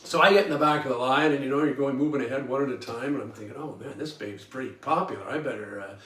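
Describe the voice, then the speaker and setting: Fast and fairly bright at a medium pitch, a 70-something Toronto man hosts a podcast where he wanders through folksy personal anecdotes, chuckling and filling gaps with ums and uhs. A distant mic makes it sound roomy, and soft guitar music drifts in the background.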